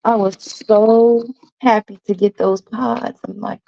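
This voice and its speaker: A woman's voice: mid-range voice, takes it slowly, creaky, mellow, dry recording. A woman hosting a live stream, rambling casually with folksy asides. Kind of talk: casual morning chat. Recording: dry, slightly dull stream audio.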